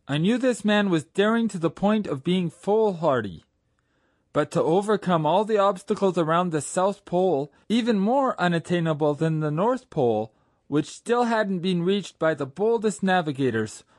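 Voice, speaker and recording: A man reading a novel aloud as a first-person audiobook narrator in a measured storytelling way. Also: high voice, a little mellow, no room sound, clean studio sound.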